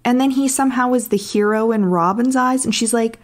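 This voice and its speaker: A woman's voice: medium pitch, lively intonation, a little fast, hardly any pauses. A young woman co-hosting a movie podcast, making wry, dry asides in casual chat. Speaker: podcast co-host.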